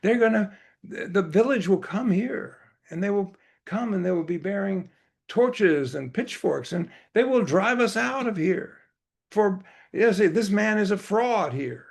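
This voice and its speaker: A man's voice: high-pitched, animated, a little slow, voice pushed up, full character voice. A man voicing a fretful, anxious spiritual master. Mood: alarmed. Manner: agitated, worried, repeating himself.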